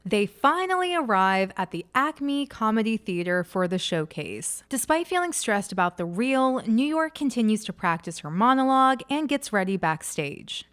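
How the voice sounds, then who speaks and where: A woman's voice: medium pitch, fairly bright tone. A young woman hosting a reality TV recap, reading scripted commentary with a dry, sardonic wit.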